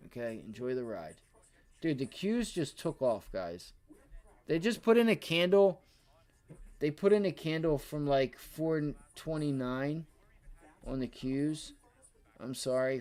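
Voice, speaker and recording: A man streaming live from home, giving excitable, profane trading commentary while talking to himself and his viewers. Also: medium pitch. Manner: excitable, swears, talks to himself and chat. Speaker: livestream day trader.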